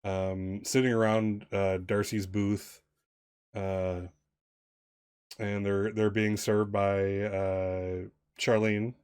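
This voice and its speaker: A man narrating as game master of a tabletop game, halting and often laughing. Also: lowish voice, flat delivery, a little mellow, smooth, dry recording, clean studio sound. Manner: laughing, halting, many fillers.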